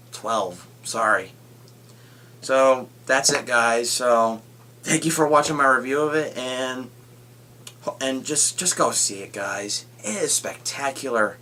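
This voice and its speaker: A young man rambles through a casual movie review, retelling scenes and swearing freely. His voice is bright and forceful as he gets excited about it. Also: mid-range voice, a little hiss or hum.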